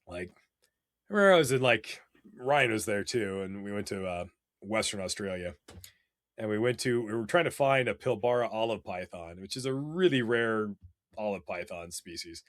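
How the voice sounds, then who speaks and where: A man telling casual stories as a podcast guest, animated and rambling, with many fillers. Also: lowish voice, normal speed, dry recording, studio quality. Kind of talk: casual storytelling.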